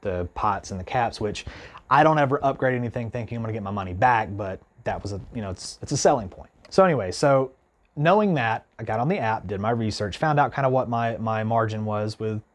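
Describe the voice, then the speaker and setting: A man's voice: fairly low pitch, brisk. A man vlogging casually to camera, telling an indignant story in a rambling way, full of "like" and "you know". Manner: animated, indignant retelling with many restarts. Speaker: guitar vlogger.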